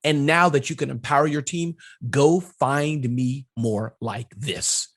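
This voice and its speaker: A middle-aged man, an entrepreneur guest, talking business advice in an energetic, emphatic way and ticking off numbered points. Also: medium pitch, a little slow. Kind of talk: casual business interview.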